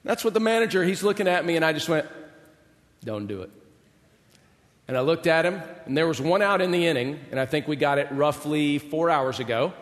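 A middle-aged male pastor preaches with a slightly high voice and a wry, self-mocking humor, stretching his story into comic exaggeration. His voice rings out with a long reverb, as in a church sanctuary. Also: fast, few pauses. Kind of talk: storytelling sermon.

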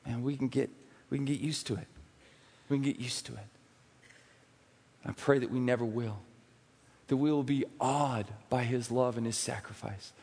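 A man preaching a sermon in a church, swinging from loud emphatic peaks to hushed, quiet asides. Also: medium pitch, fairly even intonation, normal speed, gravelly, pauses often, slightly rough, long reverb tail. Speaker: pastor. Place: church sanctuary.

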